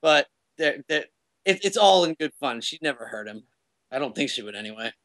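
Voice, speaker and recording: A man's voice: fairly high pitch, lively intonation, brisk, fairly bright tone. A young man chatting casually as a meetup guest, rambling with loose fillers. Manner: rambling, loose, lots of fillers and self-corrections. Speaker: remote guest speaker at a meetup. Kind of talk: casual chat.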